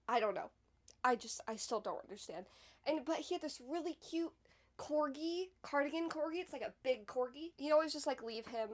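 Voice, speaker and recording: High-voiced young woman, chatty. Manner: chatty, fills speech with "like", emphatic swings in loudness. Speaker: podcast host. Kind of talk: casual personal storytelling.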